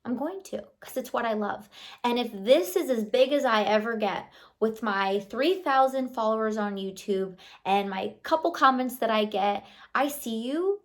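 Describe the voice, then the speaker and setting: A woman's voice: on the high side, animated, moderate pace. Woman vlogger, thirties, chatty uplifting talk to camera, lots of filler words. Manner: warm, chatty, affirming, with fillers like "like" and "you know". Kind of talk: casual motivational chat to camera.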